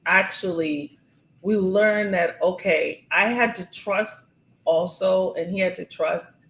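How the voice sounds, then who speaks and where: Calm woman co-host in an echoey room. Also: lowish voice, slow pace. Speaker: podcast co-host. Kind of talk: casual conversation about marriage.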